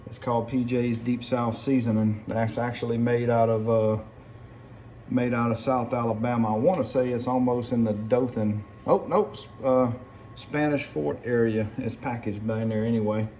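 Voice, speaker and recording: A man's voice: medium pitch, fairly even intonation, moderate pace, dark tone, slight background noise. Folksy South Louisiana man cooking. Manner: folksy and chatty, keeps addressing viewers as guys. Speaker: home cook. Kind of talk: casual cooking demonstration. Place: home kitchen. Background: pots and utensils clinking.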